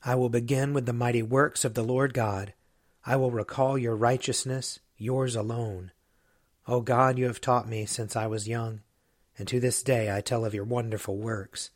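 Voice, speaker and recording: A man, a priest, reading a psalm aloud in a slow, deliberate liturgical style. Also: mid-range voice, steady tone, no echo, studio quality.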